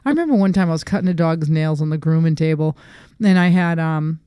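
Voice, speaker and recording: Woman dog trainer, podcast co-host, animated storyteller; smooth, resonant, close and dry sound. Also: deep voice, quick pace, dry recording. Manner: animated storyteller who acts out quoted people. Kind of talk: casual podcast chat.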